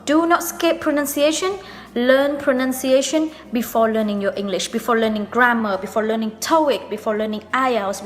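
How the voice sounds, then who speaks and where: A young woman with a Vietnamese accent teaching English pronunciation in a video lesson, speaking slowly and stressing her words. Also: fairly high pitch, long reverb tail. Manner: slow, emphatic teaching delivery.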